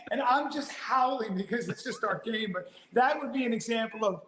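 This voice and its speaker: A man, a comedian, telling a long funny anecdote, acting out his own reactions with sudden loud exclamations and laughing as he goes. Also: very high-pitched, moderate pace, roomy sound, a little hiss or hum, rough recording. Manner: laughs through his story, frequent "like" fillers. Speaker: comedian guest.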